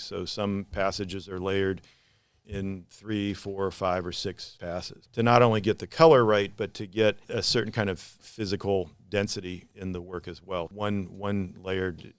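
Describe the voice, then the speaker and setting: A man, a painter, talking in a measured, thoughtful way about his work in an interview. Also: low voice, clean tone, dry recording. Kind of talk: gallery interview.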